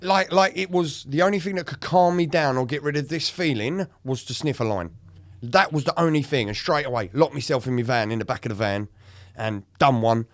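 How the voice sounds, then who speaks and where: On a podcast he co-hosts, a man in recovery tells a candid story about himself, swearing and emotional as he plays out what people said. His mid-range voice moves briskly, with no echo.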